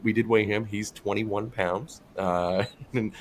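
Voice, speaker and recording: A man co-hosting a podcast, telling a story in an animated, profane way in casual chat. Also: on the low side, slow pace, a little hiss or hum. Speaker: podcast co-host.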